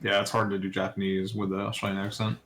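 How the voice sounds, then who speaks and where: Lower-voiced easygoing man. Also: level tone, fast talker, fairly bright tone, slight background noise. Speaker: co-streamer playing a game. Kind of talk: casual let's-play chat.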